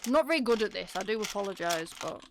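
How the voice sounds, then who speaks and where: A woman's voice: mid-range voice, expressive, fast talker, background noise. A woman from Bradford with a broad Yorkshire accent, co-hosting a casual livestream while building a keyboard, chatty and self-deprecating. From Bradford, England.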